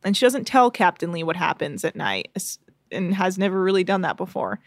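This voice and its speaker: A woman's voice: on the low side, sing-song, brisk, dry recording. Woman podcaster rambling and swearing through a recap, dry close sound. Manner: profane, rambling, puts on silly voices for quotes. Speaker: podcast co-host recapping a reality show. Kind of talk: casual chat.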